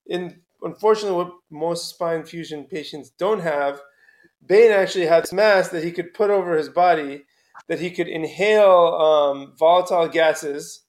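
Man calmly explaining on a podcast. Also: fairly high pitch. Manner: explains calmly and at length, with some fillers.

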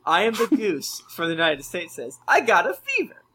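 A man's voice: high voice, wildly swooping pitch, moderate pace, bright, forceful tone, breathy edge. A man co-hosting a casual podcast among friends, reading listener reviews aloud with playful, jokey emphasis.

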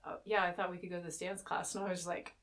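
A young American woman chatting casually as a podcast co-host, telling stories with lively acted-out quotes. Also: on the low side, fast, crowd noise. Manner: animated storytelling, acts out quotes loudly, swears. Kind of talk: casual chat.

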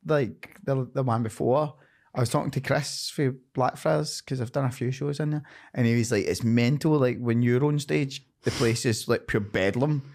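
A man's voice: mid-range voice, moderate pace, gravelly, a little mellow. A man with a Scottish accent chatting on a podcast, telling comedy gig anecdotes and laughing as he goes. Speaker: comedian guest. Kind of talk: casual chat.

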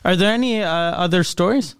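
A man co-hosting a podcast, chatting in an easygoing, halting way with fillers. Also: high voice, a bit bright, clear, resonant tone, no room sound, clean studio sound. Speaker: podcast co-host. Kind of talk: casual chat.

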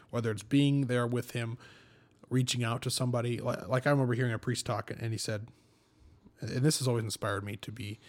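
A young man with a mid-pitched voice co-hosts a relaxed faith conversation. He tells stories animatedly, pokes fun at himself and laughs easily. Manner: animated storyteller, self-deprecating, laughs often. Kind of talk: casual faith discussion.

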